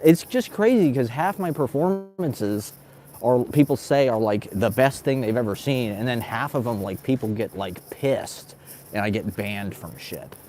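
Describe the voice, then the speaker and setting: A man's voice: mid-range voice, expressive, measured pace, dark tone, soft background music. A man, a stand-up comedian, ranting in a casual monologue, agitated and profane, laughing between his complaints.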